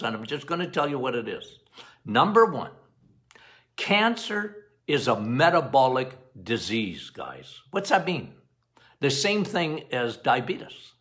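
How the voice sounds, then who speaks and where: A middle-aged man, a doctor hosting a health podcast, talking straight to his listeners in an animated way, going off on tangents and repeating phrases for emphasis. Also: mid-range voice. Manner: animated, talks straight to listeners, quotes patients in playful voices.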